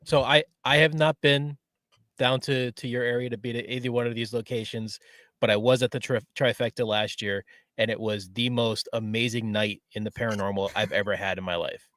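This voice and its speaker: A man's voice: mid-range voice, fairly even intonation, brisk, fairly bright tone, no room sound. Thoughtful man asking questions, dry sound. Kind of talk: casual interview chat.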